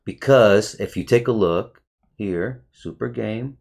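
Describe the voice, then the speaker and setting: Profane, excitable man reviewing charts. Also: fairly low pitch, takes it slowly, creaky, breathy edge. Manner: excitable, profane, talks to viewers as bro. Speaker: trading educator. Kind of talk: casual screen-share chart review.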